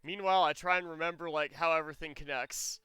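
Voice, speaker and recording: A man's voice: on the high side, steady tone, fast, sharp tone, smooth, no echo. A man streaming a video game, chatting casually as he plays, rambling and joking with frequent laughs. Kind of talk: casual gameplay commentary.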